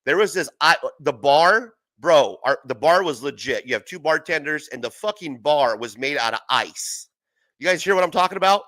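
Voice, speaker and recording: A man's voice: fairly high pitch, lively intonation, normal speed, a bit bright, dry recording. A young man hosting a casual livestream from home, rambling through stories with heavy profanity and frequent laughter. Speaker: livestream host.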